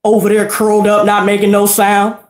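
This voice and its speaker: A woman's voice: medium pitch, monotone, brisk, echoey room. A woman giving a tarot reading, ranting bluntly and heatedly with lots of profanity. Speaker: tarot reader. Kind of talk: unscripted tarot reading rant.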